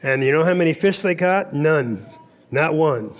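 A man's voice: a little high, animated, moderate pace. A man preaching a sermon at a camp meeting, telling Bible stories and acting out the dialogue. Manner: storytelling, acts out dialogue in quotes.

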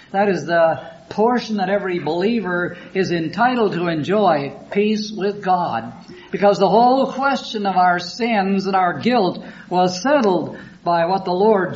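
A man preaching a sermon, reading scripture aloud and explaining it in an earnest, unhurried way. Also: high voice. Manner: slow, earnest, reads scripture in King James wording. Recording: dull lo-fi recording with faint background hiss.

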